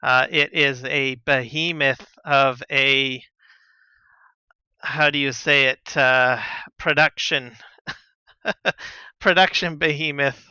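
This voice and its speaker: A man chatting casually on a live gaming stream, relaxed and rambling with lots of fillers and soft chuckles, on a slightly dull lo-fi mic. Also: mid-range voice, takes it slowly, pauses often, clear, resonant tone, dry recording. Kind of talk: casual live-stream chat while playing.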